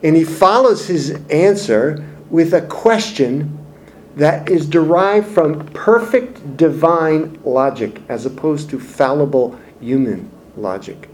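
Slow, emphatic male Bible teacher. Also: a little high, expressive, darkish tone, slight background noise. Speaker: preacher.

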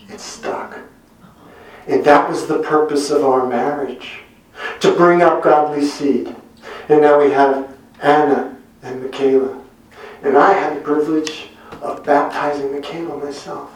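A man's voice: fairly high pitch, fairly even intonation, a little slow, long pauses. A middle-aged man telling a personal testimony in a church, earnest and with wry self-deprecating humor. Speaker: church speaker giving a testimony. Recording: very echoey room, mic far off.

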